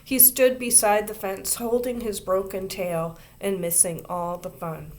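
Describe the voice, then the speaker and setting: A woman reading a children's book aloud in an expressive storytelling way. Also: mid-range voice, unhurried. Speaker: reader.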